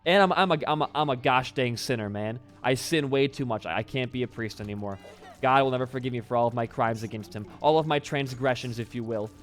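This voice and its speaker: A man's voice: mid-range voice, fairly quick. A young man giving casual gameplay commentary, rambling and self-deprecating, swearing often. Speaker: gaming YouTuber. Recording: faint background music.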